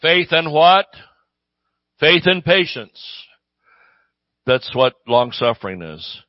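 A man's voice: fairly high pitch, sing-song, slow, no echo. Man, pastor, conversational sermon, asks "Amen?" often, close dry mic, slightly muffled sound. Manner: conversational preaching with call-and-response "Amen?".

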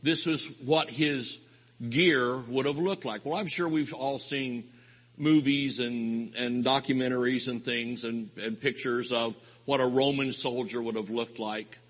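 A man preaching a rambling, folksy sermon with sudden loud outbursts at a live convention. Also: mid-range voice, steady tone, a little slow. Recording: live hall recording with long reverb.

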